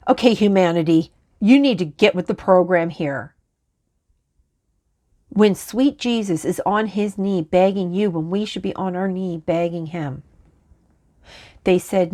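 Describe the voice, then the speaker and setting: A woman channeling spirits in a rambling, halting monologue, often breaking off to talk back to unseen voices. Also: mid-range voice, mellow. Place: lives in Canada.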